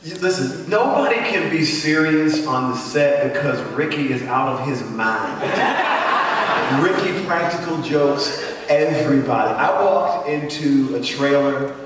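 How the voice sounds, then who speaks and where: A man chatting on a convention panel, joking and telling stories quickly. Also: on the high side, lively intonation. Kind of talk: casual panel chat. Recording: echoey hall, far from mic, faint noise.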